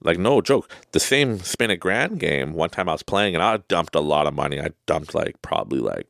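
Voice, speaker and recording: A man's voice: low-pitched, sing-song, moderate pace, vocal fry, fairly bright tone, dry recording, clean studio sound. A man hosting a podcast, telling casual, rambling stories, laughing often and acting out quoted people. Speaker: podcast host. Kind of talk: casual storytelling monologue.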